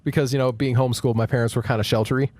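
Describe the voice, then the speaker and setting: A man hosting a podcast, telling a creepy story in a wry, animated way. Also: medium pitch, very fast. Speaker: podcast host. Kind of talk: casual storytelling.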